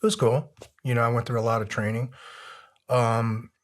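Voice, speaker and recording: A man being interviewed, telling long relaxed stories with many fillers. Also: mid-range voice, moderate pace. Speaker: interview guest, former soldier. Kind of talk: conversational interview storytelling.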